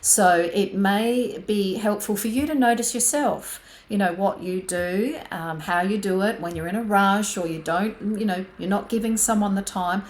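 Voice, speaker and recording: A woman co-hosting a casual, reflective chat who speaks softly, affirms often and leans on "you know". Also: mid-range voice, normal speed, few pauses. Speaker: podcast co-host. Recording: echoey room.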